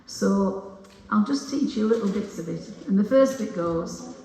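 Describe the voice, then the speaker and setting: A woman's voice: mid-range voice, lively intonation, a little slow, gravelly, mellow, distant mic. An older woman from England leads a singing group, chatting, joking and teaching songs line by line into a microphone. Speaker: singing session leader. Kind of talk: leading a group singalong. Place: large echoey hall. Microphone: microphone on a stand. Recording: echoey hall with long reverb.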